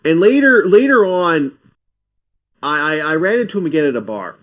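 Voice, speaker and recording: A man's voice: a little high, sing-song, normal speed, muffled recording. A man streaming, chatting casually and telling stories bluntly, swearing freely. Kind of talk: casual chat, storytelling.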